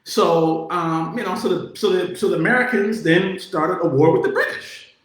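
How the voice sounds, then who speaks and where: A man giving a casual political monologue, talking in a profane, animated way, with many filler words. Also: sits high, moderate pace. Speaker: political commentator. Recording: very echoey room.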